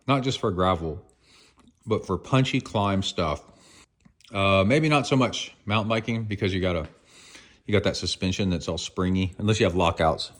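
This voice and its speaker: A man hosting an endurance sports podcast, chatting casually on the go with lots of ums and uhs. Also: on the low side. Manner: rambling, filler-heavy storytelling. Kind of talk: casual chat on the go.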